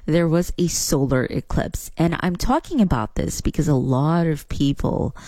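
A woman from Southern Africa hosting a radio show, chatting excitedly. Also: low-pitched, normal speed, no room sound. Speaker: radio host. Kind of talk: casual radio talk.

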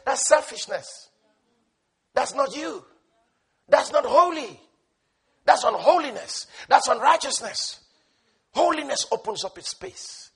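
A man preaching a sermon with passion, swinging between loud shouted refrains and soft low asides, laughing and repeating key words. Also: breathy edge.

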